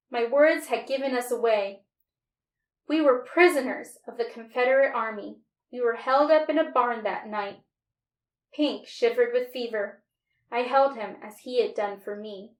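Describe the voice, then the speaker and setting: A woman reading a storybook aloud with an expressive, dramatic delivery. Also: fairly high pitch, a little slow. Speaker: storybook reader. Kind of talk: read-aloud storybook narration. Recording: roomy, distant mic.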